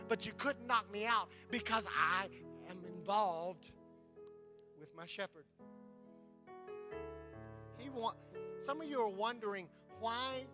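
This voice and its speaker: A pastor preaching a sermon to his congregation, emphatic and repeating his points. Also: sits high.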